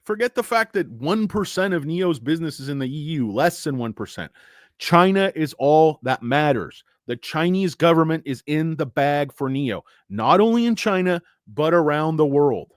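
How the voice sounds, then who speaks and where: A man's voice: fairly high pitch, expressive, normal speed, dry recording, studio quality. A middle-aged man hosting a casual livestream, rambling and cursing as he rants and reads chat. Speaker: stock livestream host.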